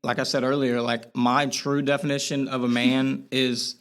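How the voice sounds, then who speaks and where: A man's voice: mid-range voice, little pitch movement, normal speed, a bit bright, clear, resonant tone. Earnest rambling young man. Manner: earnest, rambling, frequent "like" fillers and restarts. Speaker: podcast guest. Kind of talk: candid interview conversation.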